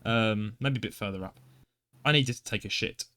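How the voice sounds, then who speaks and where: A young podcast co-host tells an embarrassing story casually, poking fun at himself and acting out his own reactions. His voice is fairly low, pushed, bright and smooth, at a moderate pace.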